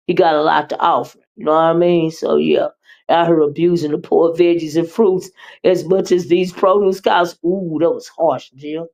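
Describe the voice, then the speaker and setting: A woman hosting a livestream, reading viewer comments and chatting with them in an animated, teasing way. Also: fairly low pitch, creaky. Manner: animated, teasing, with repeated "uh-uh" and laughter. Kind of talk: casual chat with viewers.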